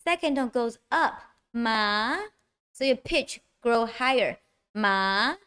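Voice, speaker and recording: Her voice sits high with a fairly bright tone as she leads a beginner lesson with a Mandarin Chinese accent. Slow and clear, she overemphasizes each tone so learners can hear it.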